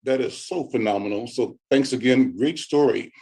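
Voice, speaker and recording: A man speaking on a video call, praising a colleague in slow, deliberate phrases broken up by frequent "uh" pauses. His voice sits at a medium pitch. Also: darkish tone. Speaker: interviewer and community speaker. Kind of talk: tribute speech on a video call.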